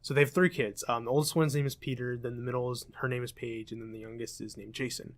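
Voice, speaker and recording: A man's voice: medium pitch, fairly even intonation, quick pace. A young man co-hosting a podcast, explaining things in a hesitant, casual way with many fillers. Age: young adult. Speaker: podcast co-host. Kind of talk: casual chat.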